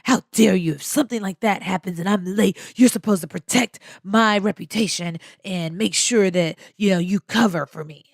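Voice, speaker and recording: A woman quoting her older boyfriend in a low, resentful, accusing voice. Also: moderate pace, vocal fry, few pauses, dry recording, studio quality. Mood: indignant. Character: sulking, evil-eyed older boyfriend.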